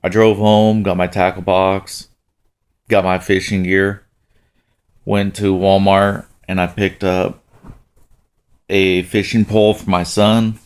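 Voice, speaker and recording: Man, middle-aged, casual storytelling, unhurried pace, easygoing, voice jumps higher on quoted lines. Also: little pitch movement, smooth. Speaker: father telling a family story.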